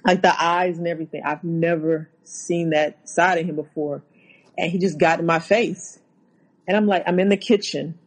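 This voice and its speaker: A woman, a guest on an interview show, recounting a personal story haltingly, with many restarts. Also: lowish voice, fairly even intonation, rough recording.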